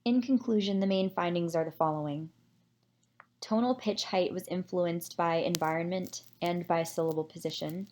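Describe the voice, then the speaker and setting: Woman with a lowish voice going over a study, measured and explaining, the odd um. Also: darkish tone. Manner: measured, explanatory, with occasional fillers. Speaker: presenter summarizing a research paper. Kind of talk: scripted academic presentation.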